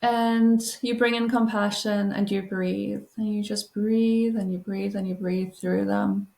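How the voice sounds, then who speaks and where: A woman speaks softly and soothingly, guiding the listener through slow, deep breaths. Her mid-pitched voice has a gravelly edge of vocal fry. The room around her rings with a noticeable echo. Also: level tone. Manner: soft, soothing, reassuring. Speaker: trauma-informed healing coach. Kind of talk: gentle guided breathing and self-help talk.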